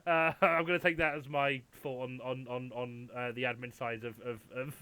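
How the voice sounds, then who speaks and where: A man hosting a comedy panel, giggly and halting, often restarting his sentences. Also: mid-range voice, level tone, bright, forceful tone, clear, resonant tone, dry recording. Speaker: quiz host.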